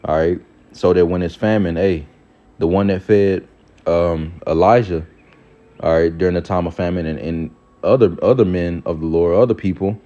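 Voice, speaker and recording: A man's voice: low voice, fairly even intonation, mellow, lo-fi sound. A man giving an informal scripture teaching, looking up verses as he goes and tagging lines with "all right" and "man". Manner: casual, repeats "all right" and "man", pauses to look up verses. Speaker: preacher.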